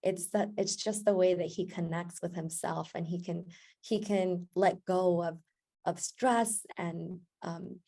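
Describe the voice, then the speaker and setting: A woman with a low-pitched voice tells a story on a podcast, lively and expressive. She is a yoga instructor and chats casually, and she often acts out the voices of the people in her story. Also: unhurried, vocal fry. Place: podcast recording.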